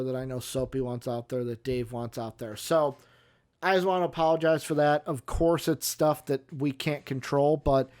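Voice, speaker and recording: A young man hosting a casual sports talk stream, speaking hesitantly with many fillers. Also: a little high. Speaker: host.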